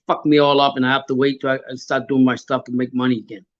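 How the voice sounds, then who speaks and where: A man's voice: medium pitch, level tone, fast talker, dull audio. A man hosting a live fight reaction stream, swearing, stammering and answering chat comments.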